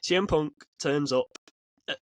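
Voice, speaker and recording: A man co-hosting a casual podcast, talking excitedly and rambling with frequent restarts. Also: fairly high pitch, measured pace. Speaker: podcast co-host. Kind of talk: casual chat. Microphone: podcast mic.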